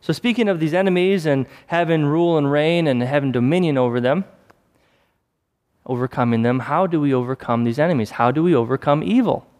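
A man's voice: fairly high pitch, a little fast, a little mellow. A man preaching a sermon in a conversational way, acting out little scenes as he goes. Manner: conversational preaching with acted-out asides. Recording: long hall reverb.

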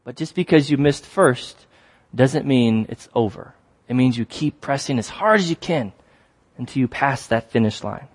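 A man preaching a sermon, telling stories with lively acted-out exclamations and repeating key phrases for emphasis. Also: medium pitch, moderate pace. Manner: animated storytelling, acts out shouts and exclamations.

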